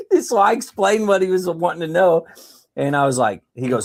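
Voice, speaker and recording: Laughing, lively-voiced man telling stories. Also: a little high, a little fast, gravelly. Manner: animated, laughs often. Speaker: military veteran guest. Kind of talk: casual storytelling chat.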